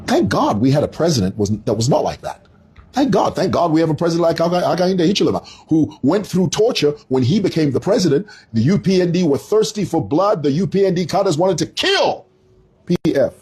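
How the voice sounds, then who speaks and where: A Zambian man in his fifties with a Zambian accent, giving casual commentary in an animated, digressive storytelling manner. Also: fairly high pitch, a little fast, breathy edge.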